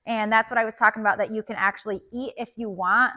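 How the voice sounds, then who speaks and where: A woman explaining a kitchen task step by step in a relaxed, casual tutorial, with the odd filler. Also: a little high, fast. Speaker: homestead cooking instructor. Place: home kitchen.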